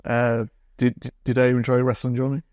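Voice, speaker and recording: A man interviewing a wrestler, asking questions in a halting way and often repeating his first words. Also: medium pitch, monotone, darkish tone, no echo.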